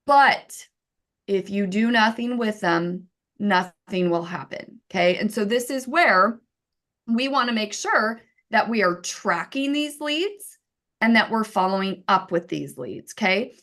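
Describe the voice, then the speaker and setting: A woman in her thirties with a somewhat high voice gives a casual teaching talk. She speaks in a lively, chatty way and keeps checking in with "right?". She often slips into little acted-out quotes. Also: a little slow. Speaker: software co-founder giving marketing advice.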